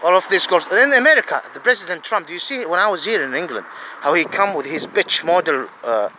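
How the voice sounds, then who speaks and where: A man in his forties pours out a furious, profane rant, hammering the same questions again and again. His voice sits high and leaps all over the place, with a sharp, bright edge. Faint street sounds and traffic drift in behind him outdoors. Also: animated, fairly quick, low-quality recording. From Saudi Arabia. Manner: heated, profane, repetitive, with emphatic questions. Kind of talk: angry ranting monologue.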